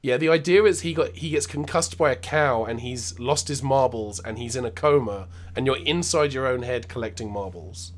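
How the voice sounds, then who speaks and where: A man's voice: medium pitch, normal speed, few pauses. Rambling male co-host talking retro games. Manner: rambling, knowledgeable, many restarts. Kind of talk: casual gameplay commentary.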